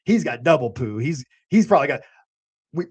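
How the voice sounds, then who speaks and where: A man's voice: fairly high pitch, lively intonation, fairly quick, husky. A man hosting a casual late-night chat, profane and rambling. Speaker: host.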